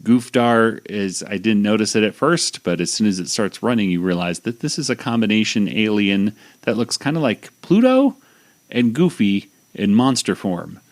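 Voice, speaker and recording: A man's voice: lowish voice, moderate pace, few pauses. A man hosting a podcast, casually recapping a cartoon episode in a rambling way with lots of fillers and restarts. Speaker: podcast host.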